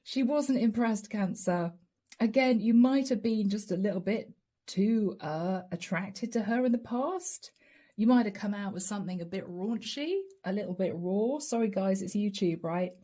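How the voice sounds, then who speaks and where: Chatty woman with a mellow voice reading tarot. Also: mid-range voice. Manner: chatty, laughs often, talks straight to the viewer. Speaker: tarot reader.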